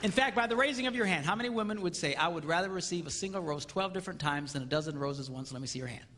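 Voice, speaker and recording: A man giving a comedic marriage seminar on stage in a large hall, playful and animated, acting out little quotes and sound effects. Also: high-pitched, very fast, background noise. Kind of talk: comedic live seminar talk. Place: large hall with live audience.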